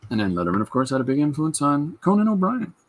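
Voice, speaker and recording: A man's voice: on the high side, sing-song, fast. A man in his fifties hosting a podcast, chatting in a rambling way and reading out viewer comments. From Canada. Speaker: podcast host. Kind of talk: casual livestream chat.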